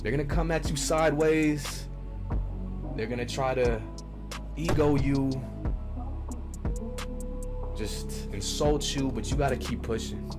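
A man's voice: medium pitch, slow, long pauses, over music. A man, a gaming video creator, delivering a profane, theatrical comedic rant. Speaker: gaming YouTuber.

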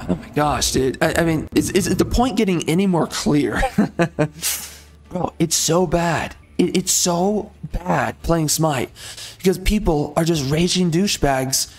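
A man's voice: on the high side, measured pace. Exasperated man ranting about a game. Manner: frustrated, rambling, repeats himself, mild swearing. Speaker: gaming channel host.

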